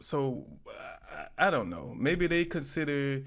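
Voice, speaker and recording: A man hosting a commentary video, relaxed and conversational as he introduces and reacts to clips. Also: a little high, unhurried. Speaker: YouTube commentary host. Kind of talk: casual commentary.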